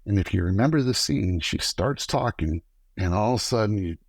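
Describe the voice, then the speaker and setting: A middle-aged man, a guest on a podcast, telling lively stories and acting out the lines of people he quotes. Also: on the low side, fairly quick, no room sound. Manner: animated storyteller acting out quoted dialogue. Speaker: podcast guest, former camera operator. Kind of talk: casual storytelling interview.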